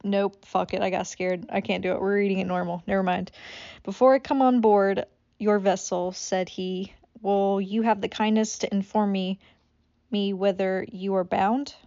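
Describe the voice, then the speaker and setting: A woman's voice: mid-range voice, level tone, moderate pace, vocal fry, mellow, no room sound, highs cut off. Casual woman reading a classic aloud. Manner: reads aloud with stumbles and swearing asides. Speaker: audiobook reader. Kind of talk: casual amateur audiobook reading.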